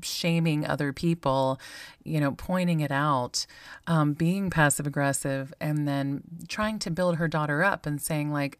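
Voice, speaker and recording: Low, dry-sounding woman, candid reflective podcast host; close mic, musing tone. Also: a little slow, no echo. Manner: candid, musing, conversational, with frequent ums and likes. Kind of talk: reflective solo podcast talk.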